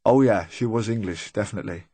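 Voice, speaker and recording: A male audiobook narrator plays a jittery middle-aged van driver who rambles on, keen to please and ready with a feeble joke. His warm, natural voice is low and close-miked, captured dry with no room sound. He comes across chatty yet uneasy.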